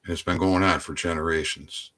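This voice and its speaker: A man delivering a preachy political rant, exhorting his listeners and often rising into loud, emphatic outbursts. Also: sits low, fairly even intonation, fairly quick. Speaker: online commentator.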